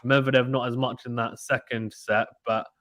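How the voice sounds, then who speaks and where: A man doing casual live play-by-play tennis commentary, reading out chat messages in an excitable, slangy way. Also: mid-range voice, moderate pace, dry recording. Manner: chatty, excitable, uses British slang.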